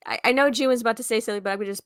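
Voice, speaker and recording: A woman co-hosting a podcast, chatting quickly and laughing easily. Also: fairly high pitch, fairly bright tone, no echo, clean studio sound. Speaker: podcast co-host. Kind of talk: casual chat.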